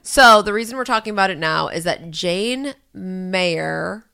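A woman's voice: lowish voice, lively intonation, vocal fry, bright, forceful tone, smooth. A young woman co-hosting a podcast, ranting sarcastically with plenty of swearing and sounding a little tipsy. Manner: profane, sarcastic, rapid rants. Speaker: podcast co-host. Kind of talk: casual chat.

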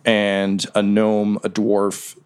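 A man's voice: fairly low pitch, monotone, very slow, a little mellow, smooth. A man running a tabletop game as game master, narrating in a rambling way with many fillers and frequent laughs.

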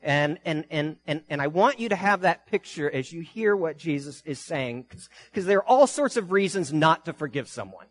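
Guy preaching in church, slightly high voice, earnest and deliberate. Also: lively intonation. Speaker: pastor. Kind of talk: sermon.

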